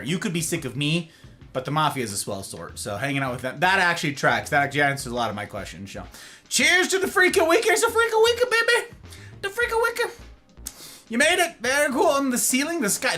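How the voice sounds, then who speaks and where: A man chats on a live stream from his home office, his bright, forceful voice leaping up and down as he playfully welcomes viewers by name. Soft music plays faintly behind him. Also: a little high. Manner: animated, playful, greets chatters by name. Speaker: livestream host. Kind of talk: casual live-stream chat.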